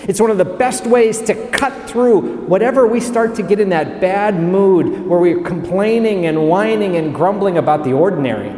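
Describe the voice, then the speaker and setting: A man's voice: high-pitched, darkish tone. A man preaching a sermon as a priest, emphatic and fond of stacking words into repeated series. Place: cathedral. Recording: echoey cathedral with long reverb.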